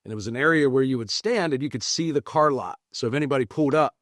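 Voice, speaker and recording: A man telling his career story as a podcast guest, lively and acting out the quoted dialogue. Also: medium pitch, fast talker, no room sound, studio quality. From United States. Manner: animated, acts out quoted dialogue. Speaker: podcast guest, real estate investor. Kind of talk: casual storytelling interview.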